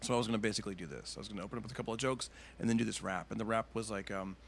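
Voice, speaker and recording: A male stand-up comedian telling a story in casual chat, rambling with lots of fillers and slipping into quick impressions. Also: fairly low pitch, creaky, slight background noise. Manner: rambling, full of fillers, bursts into cartoon impressions. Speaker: stand-up comedian, podcast guest.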